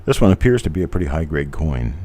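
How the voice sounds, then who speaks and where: A middle-aged man with a very low voice hosts a live stream, chatting casually and reading out viewer comments. His speech swings up and down with lively intonation, and he keeps clearing a frog from his throat. He hammers points home by repeating them. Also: quick pace. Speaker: host of a live coin roll reveal stream.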